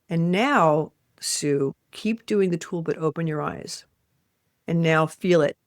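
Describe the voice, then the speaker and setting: A woman's voice: low voice, slow pace, no room sound, studio quality. A woman author as an interview guest, leading a guided exercise in an emphatic, blunt manner and swearing freely. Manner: animated, acting out voices in quotes.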